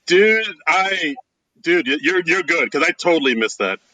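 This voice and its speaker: Male podcast co-host, a bit higher voice, bright, dry close sound, rambling and hesitant. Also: lively intonation, moderate pace, no echo, poor audio. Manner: loose, hesitant, lots of "like" and laughs. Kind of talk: casual chat.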